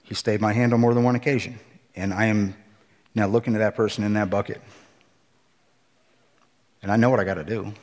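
Middle-aged male ex-pastor, testimony sermon; emotional, swings loud to hushed; voice rings in a long hall reverb. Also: steady tone, a little fast, long pauses. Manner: emotional, swinging between loud emphatic bursts and hushed low passages. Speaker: former pastor and missionary giving testimony.

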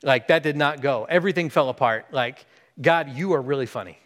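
A man's voice: mid-range voice, brisk, in a large hall. A man who is a pastor, preaching a sermon and telling a story, acting out the voices of the people in it. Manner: animated, acts out quoted dialogue.

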